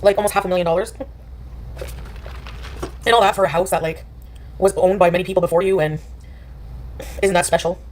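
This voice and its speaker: A woman's voice: fairly low pitch, steady tone, fairly quick, long pauses, slight background noise. A woman chatting casually on a livestream, dismissive and rambling, full of filler "like"s. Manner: dismissive, rambling, many likes.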